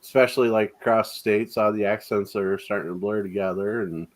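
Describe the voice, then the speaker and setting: A man hosting a casual interview chat, relaxed and teasing, laughing easily at his guest's answers. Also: lowish voice, a little fast. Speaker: host.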